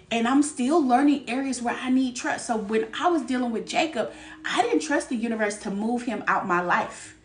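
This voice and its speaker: A woman giving a live tarot reading. She talks in a candid, lively way, laughs often and uses streetwise slang. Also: a little high, normal speed, far from the mic. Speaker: tarot reader. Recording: echoey room, voice a bit off-mic.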